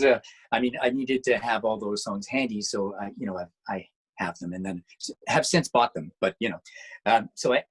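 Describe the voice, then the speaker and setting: A man's voice: medium pitch, husky, poor audio. A man being interviewed about his music and radio work, talking casually in a rambling way with lots of restarts. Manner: rambling, with many restarts and fillers.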